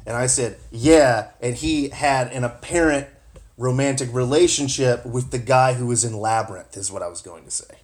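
A man's voice: medium pitch, moderate pace. A man in casual joking chat, laughing often and stumbling over his own punchlines, recorded on a cell phone. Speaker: participant taking turns singing verses.

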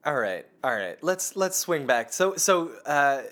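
A man's voice: on the high side, very animated, measured pace, a bit bright. A man co-hosting a casual comedic podcast chat, swearing often and laughing as he talks. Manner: profane, laughing, emphatic. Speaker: podcast co-host.

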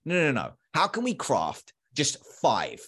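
A man's voice: mid-range voice, measured pace, slightly rough. A man in his thirties, a sales trainer, talking energetically as a podcast guest with emphatic repeats. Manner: animated, acts out quoted dialogue; emphatic repetition.

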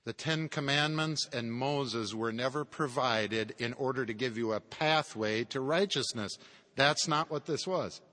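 Bright-voiced man lecturing in an echoing hall. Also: mid-range voice, unhurried. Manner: conversational, with chuckling asides. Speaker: theology lecturer. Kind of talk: classroom theology lecture. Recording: long hall reverb.

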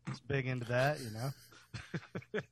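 A man's voice: medium pitch, takes it slowly. A man co-hosting a podcast, chatting casually and enthusiastically, swearing and laughing often. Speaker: podcast co-host.

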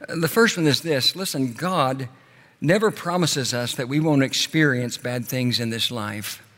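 A male pastor preaching a sermon, rising to loud passionate peaks and then dropping soft and slow. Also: mid-range voice, big-room sound.

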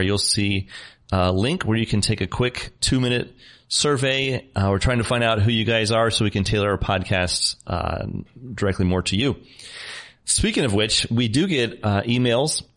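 A man hosting a podcast in a relaxed, joking way, with lots of fillers. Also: mid-range voice. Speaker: podcast host. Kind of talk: casual podcast chat.

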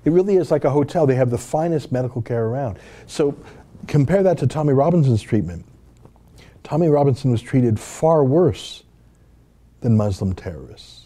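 A man's voice: mid-range voice, expressive, moderate pace, mellow. A man from Canada hosting and giving an opinionated, indignant commentary, with rhetorical questions. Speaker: host and commentator.

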